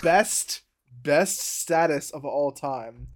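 A male podcast co-host in casual chat, his voice slightly high. He keeps cutting in with jokey asides and quick comments.

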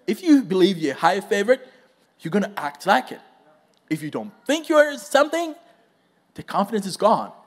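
A man preaching a sermon, telling a story with acted-out quotes and questions to the congregation. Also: a little high. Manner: animated storytelling, acts out quotes, asks the crowd questions.

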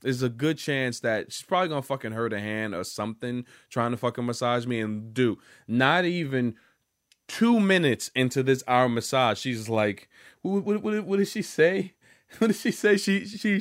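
A man's voice: medium pitch, expressive, normal speed, fairly bright tone, no room sound, studio quality. A young man telling a story to the camera in a loose, rambling, profane way, full of restarts and fillers. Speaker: vlogger. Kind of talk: casual storytelling monologue.

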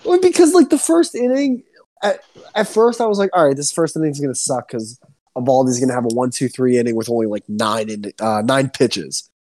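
A man's voice: medium pitch, a little fast. Young man ranting in casual podcast talk. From Central New Jersey. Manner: animated, swears a lot, ranting. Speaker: podcast co-host. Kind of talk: casual chat.

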